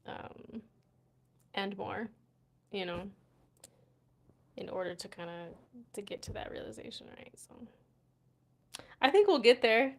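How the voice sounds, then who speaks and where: A woman's voice: mid-range voice, expressive, unhurried, creaky, pauses often, slight background noise. A young woman hosting a casual livestream, chatting with viewers and reading aloud. She talks loosely with lots of fillers and tag questions, and laughs often. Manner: chatty, laughs often, many fillers like "right?" and "you know". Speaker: livestream host. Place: Morocco.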